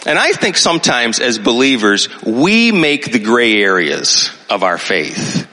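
A pastor in his sixties delivers a sermon, unhurried, telling his story with lively pitch swings and checking that listeners are following along. His voice is bright and forceful, and a long reverb trails each phrase as if in a large hall.

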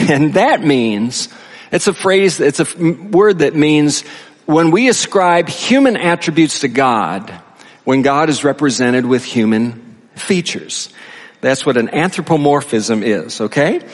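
A male pastor preaching a conversational sermon, reading scripture slowly between animated, chatty asides. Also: on the high side, long reverb tail. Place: church sanctuary.

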